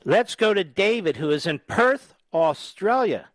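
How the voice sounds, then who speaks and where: A man's voice: high-pitched, animated, a little slow, no room sound. Blunt, emphatic man in his sixties. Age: 60s. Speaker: radio talk show host. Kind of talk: call-in radio.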